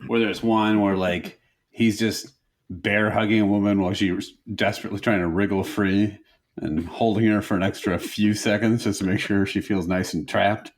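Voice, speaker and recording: A man's voice: fairly low pitch, steady tone, normal speed. Riffing, jokey podcast guy. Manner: jokey riffing, mock voices. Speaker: podcast co-host. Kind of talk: casual comedic chat.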